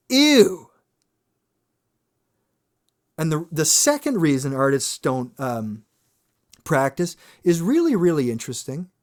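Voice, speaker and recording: A singer hosts a podcast, delivering a casual, animated monologue in a slightly high voice. He swears freely and acts out the voices of people he quotes.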